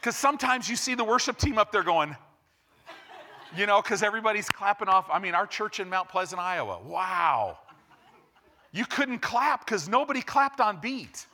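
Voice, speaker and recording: A man preaching a sermon as pastor, building from quiet to loud and emphatic. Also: high voice, animated, normal speed, slight background noise.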